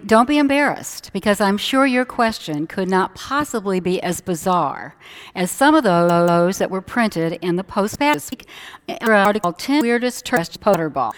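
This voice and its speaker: An older woman pastor giving a casual, joking sermon to her congregation in a church sanctuary. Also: medium pitch. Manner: chatty, joking asides to the congregation.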